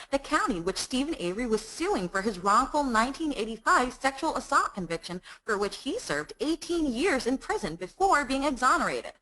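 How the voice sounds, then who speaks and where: A woman voicing a female American true-crime narrator with an American accent, reading in a crisp documentary style. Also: a little high, pushed and bright, voice pushed up, heavily acted, rough recording.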